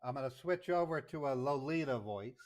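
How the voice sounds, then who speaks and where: Man on live stream, halting, lots of ums, dry close mic, middle pitch. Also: expressive, no room sound. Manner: rambling, halting, many ums. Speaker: scambaiting streamer. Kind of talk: casual live stream talk.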